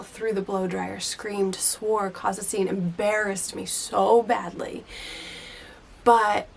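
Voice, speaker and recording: A woman in her thirties tells a story in a loose, chatty way, with lots of "like" along the way. Her voice carries a gravelly fry, and a faint hiss sits under the recording. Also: medium pitch. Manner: chatty, leans heavily on "like" and "you know". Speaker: hairdresser and vlogger. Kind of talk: casual storytelling.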